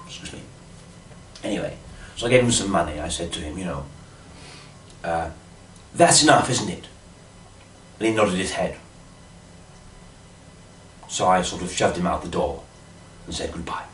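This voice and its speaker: A man's voice: deep voice, animated, normal speed, pauses often, a little hiss or hum. Fussy guy rambling a comic story, lots of "you see", sounds far off in an echoey room. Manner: dotty, fussy posh-English rambling with many "you see"s.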